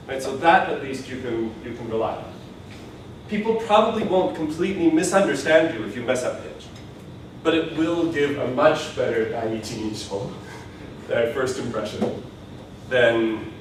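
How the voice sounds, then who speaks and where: A man lectures a class with a slightly raised voice, explaining patiently and laughing now and then. He is caught from across a strongly echoing classroom. A faint hum of room noise sits underneath. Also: a little high. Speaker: Japanese language teacher. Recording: echoey classroom from far off.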